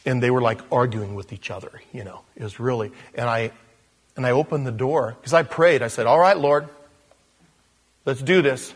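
A man, a pastor, telling a story during a casual, animated sermon in a church. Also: medium pitch, normal speed, husky.

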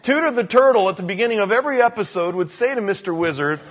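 A man's voice: sits high, fast talker, some chatter behind. An older man preaching a sermon in a church, telling stories and joking with the congregation. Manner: animated, storytelling, joking with the congregation. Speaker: pastor.

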